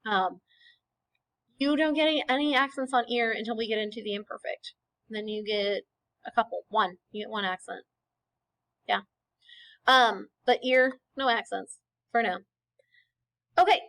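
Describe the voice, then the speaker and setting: Woman teacher, kinda high voice, patient explaining, keeps saying okay?. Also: normal speed, long pauses, fairly bright tone, low-quality recording. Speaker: Spanish teacher. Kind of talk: recorded classroom lecture over slides.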